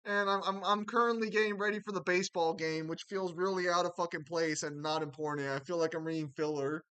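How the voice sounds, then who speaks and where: A man hosting a casual stream, chatting loosely and swearing, with sudden animated outbursts. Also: high-pitched, fast, hardly any pauses, clean tone, dry recording. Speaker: streamer host.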